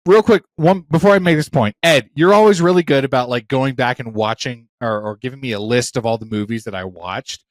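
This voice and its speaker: A man co-hosting a podcast in casual chat, animated and swearing, quick to play defensive. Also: mid-range voice, no room sound. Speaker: podcast co-host.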